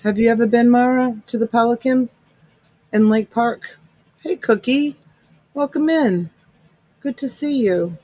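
A woman's voice: a little high, measured pace, pauses often, warm tone, dry recording, poor audio. Chatty middle-aged woman, dry close sound. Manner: chatty, greets viewers by name with endearments. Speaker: live-stream reseller host. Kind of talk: casual live-stream chat. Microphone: USB desk mic.

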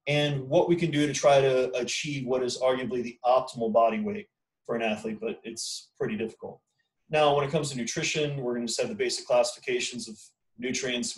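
A man's voice: medium pitch, darkish tone, distant mic, poor audio. A man giving a casual, blunt lecture to his students as their instructor. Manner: informal, blunt, talks to students directly. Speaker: exercise physiology instructor.

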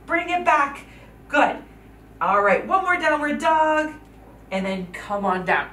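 A woman's voice: sits high, lively intonation, takes it slowly, long pauses, fairly bright tone, slight background noise. A woman teaching a yoga class for children, giving cheerful, encouraging instructions and counting out the moves. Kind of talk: guided kids yoga class. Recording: echoey room from a distance.

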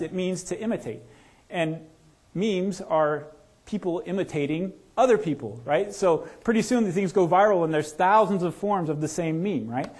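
Pastor guy preaching in church, kinda high voice, chatty, tosses questions at the crowd. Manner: conversational, asks the congregation questions; lowers to a soft, slow voice in prayer. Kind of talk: sermon. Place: church sanctuary.

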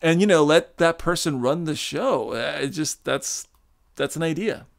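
Fairly high-pitched and gravelly, a man speaks unhurriedly as he hosts a podcast. The talk is casual and animated, full of free swearing and impressions of what others might say.

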